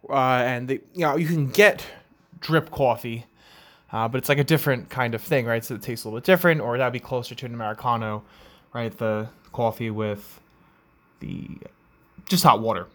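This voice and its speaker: A young man with a strong Long Island New York accent talks through a casual solo podcast. His delivery is loose and conversational, with lots of filler words and tag questions. His pitch sits in an ordinary middle range for a man. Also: a little fast. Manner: relaxed and chatty, with many "uh", "you know" and "right?". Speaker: podcast host.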